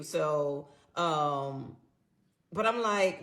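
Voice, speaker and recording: A middle-aged woman recounting a painful personal story in an animated, emotional way, acting out what people said. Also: fairly low pitch, drawn-out words. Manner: animated, emotional retelling, acts out quotes. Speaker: storyteller in played clip.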